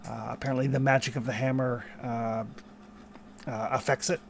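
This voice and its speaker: A man narrating as game master in a tabletop game, describing the action in a halting way with many fillers. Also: medium pitch, little pitch movement, creaky, a little hiss or hum. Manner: hesitant, lots of uh fillers.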